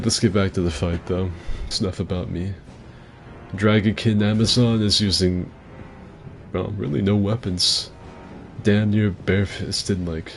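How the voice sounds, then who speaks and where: A man with a rough, gravelly voice giving crude, joking commentary on a game fight club and answering chat as the host. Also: lowish voice. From mixed heritage, partly Asian. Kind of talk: casual gaming commentary.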